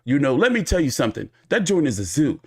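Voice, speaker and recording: A man's voice: mid-range voice, quick pace, breathy edge. A man hosting a boxing commentary show, telling a story in a casual, profane monologue and acting out the people he quotes. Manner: animated, profane, acts out quoted people in his retelling.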